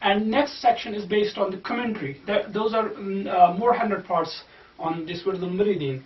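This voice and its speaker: A man teaching how to pronounce verse, spelling words out slowly sound by sound and repeating them. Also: high voice. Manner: slow, repetitive sound-by-sound spelling out. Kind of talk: explaining Persian verse pronunciation. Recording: distant, echoey, dull room recording.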